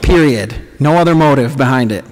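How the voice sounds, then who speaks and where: A man giving a comedic, sarcastic lecture to students as a professor, animated and teasing the audience. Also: mid-range voice, brisk, some chatter behind. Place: large lecture auditorium. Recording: echoey hall recording, faint room noise.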